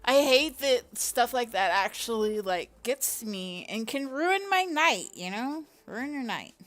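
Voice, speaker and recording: A woman's voice: a little high, animated, measured pace, fairly bright tone. A woman in her thirties chatting on a livestream, rambling and profane with frequent laughter. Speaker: livestream host. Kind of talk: casual livestream chat.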